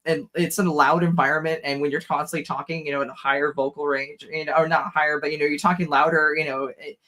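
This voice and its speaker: A hoarse, tired man chatting on a podcast, his voice sitting a bit high for a man. He rambles through stories with plenty of fillers and breaks into laughs often. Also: flat delivery, quick pace, sharp tone. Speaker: podcast co-host. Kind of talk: casual chat.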